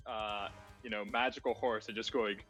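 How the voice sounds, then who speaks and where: Male gamer, bright tense voice, excitable, stumbles over words. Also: on the low side, moderate pace, soft background music. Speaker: player. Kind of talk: casual chat at a game table.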